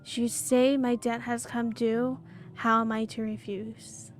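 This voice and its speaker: A woman gives voice to a noble companion who speaks in archaic formal English. She reads slowly and earnestly, in a slightly high voice. Faint music plays underneath. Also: level tone. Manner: slow, earnest dramatic reading. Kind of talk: reading game dialogue aloud.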